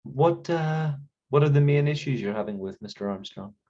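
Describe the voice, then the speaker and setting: A calm therapist speaks in measured, soothing tones with a hint of condescension, as a man plays him in improv. His voice sits at an ordinary pitch. The audio is dull and lo-fi, like a video call. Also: close to an everyday voice. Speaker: improv performer.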